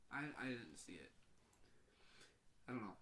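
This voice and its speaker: Talking casually on the podcast he co-hosts, the young man frequently lets sentences trail off. He speaks fairly low and expressively at a measured pace, his tone pushed and bright, over faint background noise.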